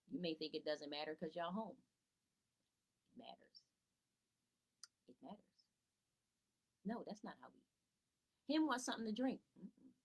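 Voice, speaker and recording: In a low-quality recording, a woman's medium-pitched voice comes across pushed and bright as she gives parents a casual live teaching talk from home. This tutor and educator chats easily, calls out viewers by name, and asks herself rhetorical questions before answering them.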